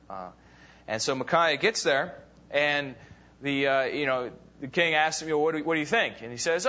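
A man's voice: fairly high pitch, expressive, moderate pace, bright, forceful tone. A man teaching a Bible class, casually retelling a story with fillers and acting out the quoted lines. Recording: dull lo-fi recording.

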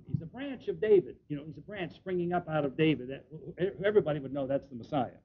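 A man preaching a Bible teaching sermon. He reads scripture slowly, leans on key words and often restarts his sentences. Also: lively intonation, breathy edge. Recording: dull lo-fi recording with faint rumble.

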